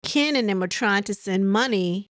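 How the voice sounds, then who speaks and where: A woman's voice: medium pitch, moderate pace, no room sound. Lady rambling thru a reality tv recap, lots of ums, laughing at the cast, dry room. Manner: rambling, laughs and mimics cast members' lines; many fillers and restarts. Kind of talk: casual chat recapping an episode.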